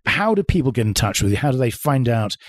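A man hosting an interview podcast, quizzing his guest playfully with quick questions and small laughs. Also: mid-range voice, big pitch swings, no echo, clean studio sound. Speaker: podcast host.

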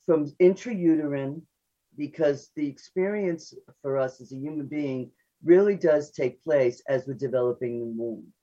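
Older female analyst guest; quick, chatty, self-deprecating; muffled lo-fi radio line. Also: low-pitched, mellow. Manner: fast, chatty, laughs at herself. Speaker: psychoanalyst guest. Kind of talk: radio interview. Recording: dull lo-fi radio audio.

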